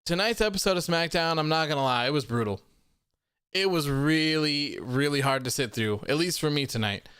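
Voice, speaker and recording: A man's voice: fairly high pitch, normal speed, clean tone, no echo, studio quality. Young man hosting a casual livestream. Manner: rambling and relaxed, many fillers and repeats. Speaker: host of a wrestling post show livestream. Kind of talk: casual livestream chat, reading viewer comments.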